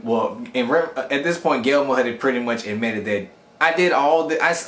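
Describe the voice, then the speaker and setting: A man rambling through a casual anime episode review in a chatty, loose way. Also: mid-range voice. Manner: rambling, chatty, animated quoting. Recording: echoey room.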